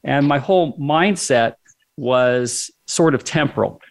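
A man's voice: mid-range voice, slow pace, creaky. Man telling a story, acting out dialogue. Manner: conversational storyteller who acts out his own dialogue.

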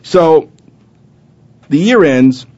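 A former college football player from Arizona tells a personal story in an interview, his voice on the high side and extremely slow. He animatedly acts out old conversations, packing in lots of fillers, and the recording sounds lo-fi.

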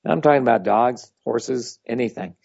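A man's voice: mid-range voice, moderate pace, gravelly, darkish tone, husky, dry recording. A man giving a casual, rambling talk as a spiritual teacher, blunt and full of anecdotes. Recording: dull lo-fi audio.

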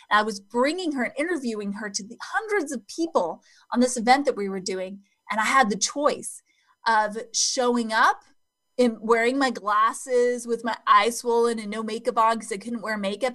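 A middle-aged woman coaching an audience on self-acceptance, telling a personal story in an earnest, heartfelt way that slows and softens at tender moments. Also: on the high side. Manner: earnest and heartfelt, slowing down and going soft and quiet at tender moments.

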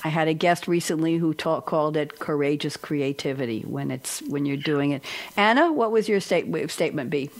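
A woman's voice: low voice, brisk. A woman hosting a panel talk, chatty and playful, spelling out guests' web addresses. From lives in Tennessee. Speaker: host. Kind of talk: casual chat.

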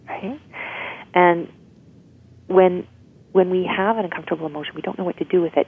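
A woman's voice: lowish voice, fairly even intonation, fairly quick, long pauses, slightly rough. A woman guest explaining emotional healing in an interview, often checking in with "right?". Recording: tinny phone-like line.

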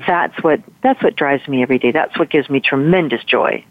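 A woman guest, a motivational speaker, telling a personal story in a lively way and acting out the voices of the people in it. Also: very deep voice, a little fast. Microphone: telephone. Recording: tinny phone line, dry.

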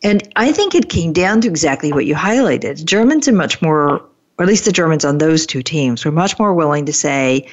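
An interview host answers the guest with agreement and reflective examples of their own. The voice sits at a middle pitch. The audio is dull and lo-fi. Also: expressive, moderate pace. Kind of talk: conversational interview.

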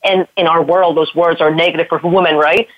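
A woman's voice: deep voice, steady tone, fairly quick, no room sound, dull audio. A woman guest and spin instructor, talking bluntly with plenty of swearing about tough love and self-worth. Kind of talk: candid interview conversation.

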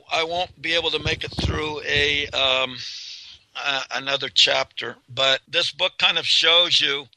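A man hosting a radio show, reading a chapter of his own book aloud in a slow, steady way with occasional restarts. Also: medium pitch, creaky, no echo, low-quality recording. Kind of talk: reading aloud from a romance novel, then casual sign-off.

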